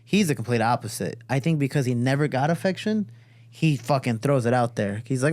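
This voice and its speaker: A man hosting a podcast in a studio, telling stories loosely and profanely and jumping into other people's voices as he quotes them. His voice sits at an ordinary middle pitch. The room sound is dry and close. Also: expressive, a little fast, a little mellow, dry recording. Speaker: podcast host and fighter. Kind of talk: casual storytelling.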